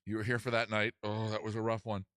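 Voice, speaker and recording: A man's voice: lowish voice, completely flat delivery, fast talker, a bit bright, clean tone, dry recording, studio quality. A man hosting a comedy livestream, rambling and self-mocking in a casual chat style. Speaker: host.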